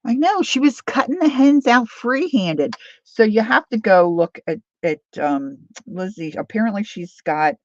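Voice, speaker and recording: On her crafting livestream, a woman rambles on, teases herself, and chats with viewers by name. Her voice is a little high and animated, a little slow with few pauses, recorded dry with dull lo-fi quality.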